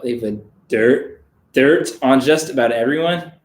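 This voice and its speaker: A man giving a deadpan, mock-serious reading of a children's book on a live stream, breaking off for crude asides. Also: medium pitch, unhurried, echoey room.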